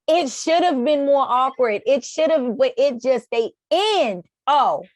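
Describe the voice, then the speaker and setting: A woman's voice: sits high, animated, measured pace, no echo. A woman co-hosting a casual film review, talking in laid-back slang, laughing and swearing. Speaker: co-host.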